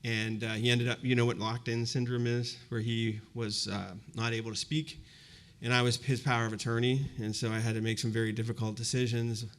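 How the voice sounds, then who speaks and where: A man in his fifties speaks at a university event before a live audience, sharing a personal story in a conversational, reflective way. His voice sits at medium pitch with little movement, and he talks briskly with few pauses. Fillers like "you know" come up often.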